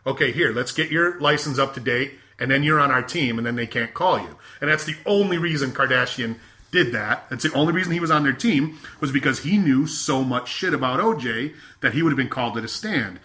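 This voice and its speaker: A man with a bright, forward voice talks casually at an even pitch. He explains things to listeners at home, with plenty of fillers and restarts. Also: a little fast. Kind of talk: casual podcast chat.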